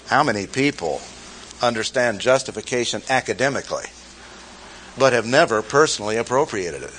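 A man of medium pitch and fairly bright tone teaches from the Bible in an expository sermon, forceful in delivery, questioning the crowd and restating key phrases. The rough recording has slight background noise.

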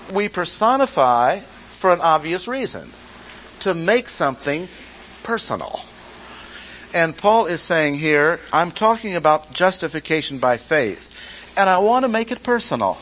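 The recording is low quality, with slight background noise, and captures a high-pitched, slightly bright male voice. He is a Bible teacher giving an emphatic expository sermon, quizzing the audience and repeating key phrases.

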